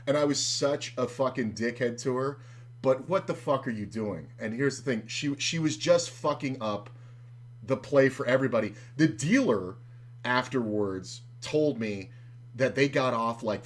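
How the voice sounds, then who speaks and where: A man in his forties hosting a podcast, telling a story in a casual, profane, animated way and acting out the dialogue. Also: medium pitch, moderate pace. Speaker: podcast host.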